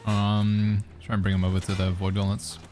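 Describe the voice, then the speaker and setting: A man's voice: on the low side, monotone, moderate pace, a little mellow. A man streaming a game, chatting casually and answering viewer questions as he plays. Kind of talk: casual gaming commentary. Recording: faint music behind.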